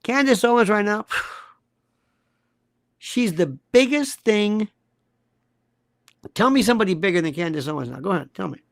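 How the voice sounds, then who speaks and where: Animated gravelly talk-show host man. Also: high voice, measured pace, pauses often, dry recording, studio quality. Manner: animated, emphatic, repeats rhetorical questions. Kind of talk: live-stream talk show monologue.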